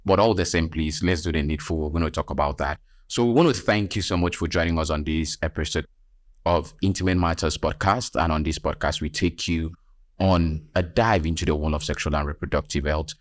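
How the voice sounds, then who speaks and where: A Nigerian man with a very low voice hosts a health podcast, stressing his points and teasing listeners. He sounds close and dry, with no room around him. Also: a little fast, dry recording. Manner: emphatic, preachy, teasing asides. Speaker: podcast host and nurse.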